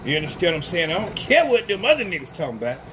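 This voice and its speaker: A man's voice: a little high, big pitch swings, very fast. A middle-aged man hosting a casual livestream on his phone while walking around at work. He rambles and keeps asking if listeners understand what he's saying. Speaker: livestream host. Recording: loud vehicle noise behind.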